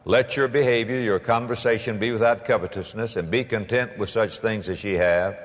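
A pastor preaching a sermon, emphatic, moving between loud proclaiming and hushed storytelling. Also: male voice, lowish voice, moderate pace, hardly any pauses. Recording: long hall reverb.

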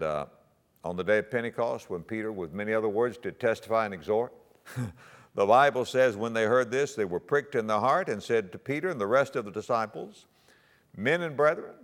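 Male pastor, low voice with wide swings, earnest exhortation, big reverberant church sound. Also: fairly quick. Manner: earnest, exhorting, rises to emphatic peaks. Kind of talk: teaching sermon. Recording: long hall reverb.

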